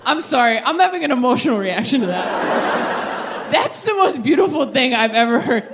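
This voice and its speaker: A young adult woman doing a stand-up set with crowd work, animated and self-deprecating, with quick asides. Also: sits high, heavy background noise. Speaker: stand-up comedian. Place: theater stage with live audience.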